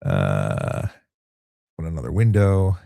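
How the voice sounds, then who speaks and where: A man, a traffic cop, hosting a relaxed late-night live chat and answering viewer questions in an easygoing way, often repeating words as he restarts. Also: very deep voice, slow, creaky, no echo, clean studio sound. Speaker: traffic cop and livestream host.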